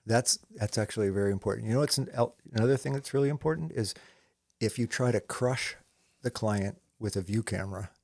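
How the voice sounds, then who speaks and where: Gravelly man telling rambling work stories. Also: lowish voice, brisk, darkish tone, no echo. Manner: rambling storyteller with many "you know"s and restarts. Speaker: commercial photographer, co-host. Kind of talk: casual conversation.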